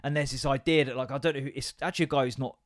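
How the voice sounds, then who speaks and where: A man's voice: medium pitch, steady tone, rapid-fire, no room sound, studio quality. A young man hosting a podcast, ranting casually and swearing a lot as he rambles between asides. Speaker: podcast host. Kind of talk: casual comedic rant.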